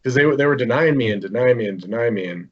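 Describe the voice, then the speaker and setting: A man's voice: medium pitch, expressive, very fast, slightly rough, lo-fi sound. A man from the United States, a guest in a casual interview, answering in a laid-back way with short replies.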